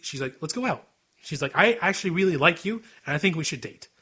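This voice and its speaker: A man's voice: fairly high pitch, fast, husky. A young man co-hosting a casual anime podcast, retelling scenes and acting out the characters' lines. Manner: animated, acts out scenes in quoted voices. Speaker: podcast co-host.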